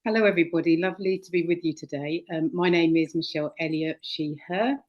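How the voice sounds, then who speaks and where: Woman about 50, friendly quick intro, dull muffled call sound. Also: fairly low pitch, a little mellow. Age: 50s. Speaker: co-investigator. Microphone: video call.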